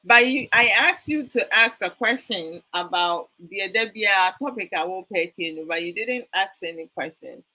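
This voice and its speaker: A woman's voice: mid-range voice, animated, pushed and bright, rough recording. A woman hosting a live stream, talking earnestly with many fillers and stopping to thank viewers for their comments. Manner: frequent fillers, slow and earnest. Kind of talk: casual live stream talk.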